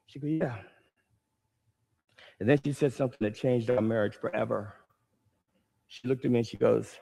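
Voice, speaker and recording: Animated stand-up comedian, man. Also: mid-range voice, normal speed, vocal fry, long pauses. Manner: animated storytelling, acting out shouting quotes. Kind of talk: stand-up storytelling.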